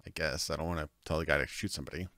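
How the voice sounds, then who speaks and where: A male game streamer rambles through casual commentary, packing in lots of "like"s. His voice is very deep yet bright and forceful. The sound is dry and close. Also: racing, dry recording. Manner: rambling, laughs often, many "like"s.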